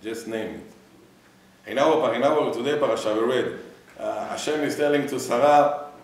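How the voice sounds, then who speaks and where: Rabbi teaching in an echoey room. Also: male voice, mid-range voice, a little slow. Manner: questions the class and mixes in Hebrew phrases. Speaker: rabbi teaching a weekly class. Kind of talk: Torah class lecture. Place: classroom with students. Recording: echoey room, mic far off.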